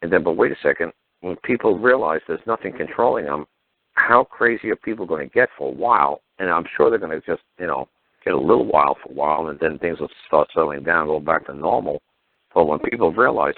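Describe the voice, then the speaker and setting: Very deep voiced guy on radio, swears a lot, heated, dry tinny phone sound. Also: expressive, quick pace, no room sound. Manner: blunt, profane, heated storytelling. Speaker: radio show host. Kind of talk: call-in radio talk. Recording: phone-like narrow audio.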